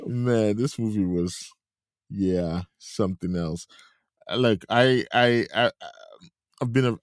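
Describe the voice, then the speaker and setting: A man's voice: mid-range voice, no echo, studio quality. A man co-hosting a movie review podcast in casual chat, chatty, laughing often and restarting his sentences. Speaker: podcast co-host.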